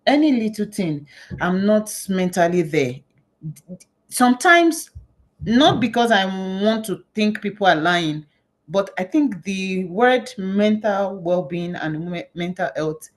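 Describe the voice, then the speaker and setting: A woman from Nigeria, moderating a panel and telling self-mocking stories in a lively way. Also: mid-range voice. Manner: animated, self-mocking storyteller. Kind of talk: conversational panel facilitation.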